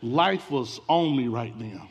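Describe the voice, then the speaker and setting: A man preaching a storytelling sermon, talking straight to the congregation and swinging between racing and slow, drawn-out delivery. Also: medium pitch, breathy edge. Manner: animated storytelling with sudden swings in pace and loudness; talks directly to the congregation. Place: church sanctuary. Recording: long hall reverb from a church.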